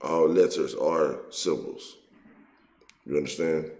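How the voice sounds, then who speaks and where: Very deep-voiced man ranting profanely. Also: steady tone, slow pace, darkish tone, echoey room. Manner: profane, heated, street-slang rant. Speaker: online video host. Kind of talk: unscripted video commentary.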